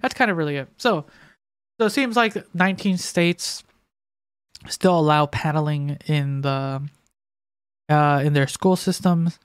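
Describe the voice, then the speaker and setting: A man with a smooth, resonant voice co-hosts a laid-back podcast. He reads news items out loud and keeps stumbling over words and pausing to fill gaps. The sound is dry and close to the mic. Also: on the high side, no room sound. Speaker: podcast co-host. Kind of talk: casual podcast chat.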